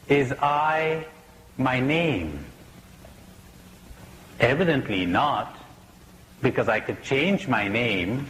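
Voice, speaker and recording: A man giving a spiritual talk, asking slow reflective questions and telling jokes. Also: mid-range voice, fairly bright tone, echoey room, long reverb tail, poor audio. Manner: storytelling with jokes, laughs at own punchlines. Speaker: spiritual teacher. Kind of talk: recorded public talk. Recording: faint hiss, 1980s talk recording.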